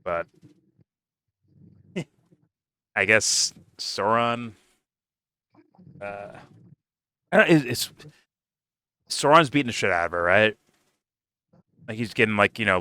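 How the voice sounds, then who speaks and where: A man's voice: fairly low pitch, slow pace, pauses often, sharp tone, smooth, no room sound. A man giving a casual, profane TV review, rambling loosely with lots of "like" and restarts. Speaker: TV show reviewer.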